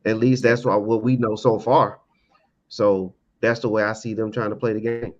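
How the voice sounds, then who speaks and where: Sports show host, man, lowish voice, halting delivery full of fillers, lo-fi recording. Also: level tone, darkish tone. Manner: halting, repeats words, many uh fillers. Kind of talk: casual sports debate.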